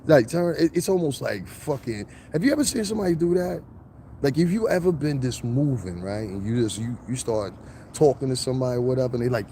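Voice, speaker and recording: A man's voice: fairly low pitch, fast, slight background noise. A middle-aged man with a New York accent, ranting casually and animatedly on a live stream, outdoors in the snow. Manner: animated, profane, slips into mocking impressions.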